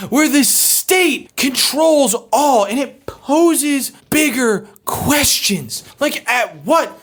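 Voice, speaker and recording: A video essayist reviewing a TV episode, swearing freely and swinging between excited shouting and quiet reflection. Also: high voice, slow, hardly any pauses. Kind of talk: impassioned review commentary.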